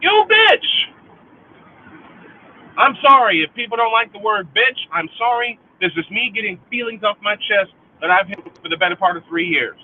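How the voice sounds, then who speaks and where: Man, middle-aged, high-pitched, angry profane venting, repeats phrases, tinny phone-quality audio. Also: fairly quick, few pauses, a little hiss or hum. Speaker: livestream host. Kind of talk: venting monologue.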